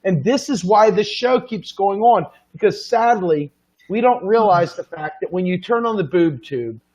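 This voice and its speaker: A man with a high voice rants in an exasperated, incredulous way, stacking complaints one after another. The audio is dull and lo-fi. He hosts the show and talks in a loose, casual manner. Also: lively intonation, moderate pace, darkish tone. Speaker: show host. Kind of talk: ranting casual chat. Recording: dull lo-fi sound.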